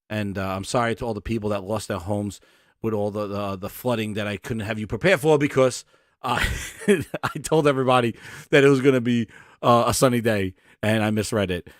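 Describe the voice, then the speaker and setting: A sheepish middle-aged exec turned weatherman , put on by a man doing an impression apologizes in a lowered, subdued voice. His delivery halts on ums and uhs. The room is dry and close. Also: no room sound, natural voice. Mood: sheepish apology. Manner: halting, full of ums and uhs, contrite. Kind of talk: comedic impression.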